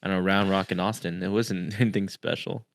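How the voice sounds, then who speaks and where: A man in his thirties with a low voice who co-hosts a casual podcast. He teases his friend and laughs easily, and he keeps the talk relaxed. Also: fairly quick, gravelly. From Texas. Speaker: podcast co-host. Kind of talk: casual chat.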